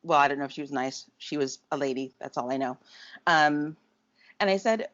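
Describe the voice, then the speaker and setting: A woman with a low-pitched voice and moderate pace co-hosts a podcast, casually telling a story. She's animated and acts out the voices of the people she quotes, in a dull, dry podcast recording.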